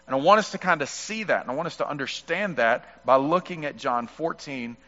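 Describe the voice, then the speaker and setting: A man's voice: fairly high pitch, a little fast, pushed and bright. Earnest male preacher in an echoing hall. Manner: earnest, explanatory, with hedging fillers. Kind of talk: sermon. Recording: muffled with long hall reverb.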